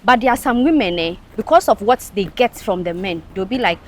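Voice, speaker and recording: A woman with a Ghanaian accent gives blunt, emphatic opinions as a talk show panelist. Her voice sits at an ordinary middle pitch for a woman. A faint hum of noise runs underneath. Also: expressive, brisk. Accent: Ghanaian English. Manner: frank, emphatic, mixes in local phrases. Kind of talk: casual talk show discussion.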